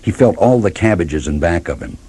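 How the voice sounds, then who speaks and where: A man reading a children's story aloud, with lively, expressive narration. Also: sits low, fairly quick, breathy edge.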